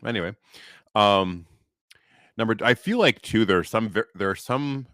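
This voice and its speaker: Male podcast co-host, thirties, very low voice, dry close sound, chatty and amused. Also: animated, normal speed, fairly bright tone, no room sound. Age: 30s. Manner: reads list entries aloud, laughs often. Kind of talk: casual chat.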